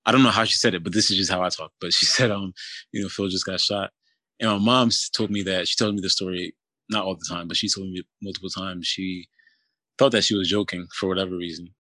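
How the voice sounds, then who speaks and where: Low flat-voiced young man telling a story. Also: quick pace, no room sound. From Philadelphia area. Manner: casual, many fillers like "you know" and "kinda". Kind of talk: personal storytelling.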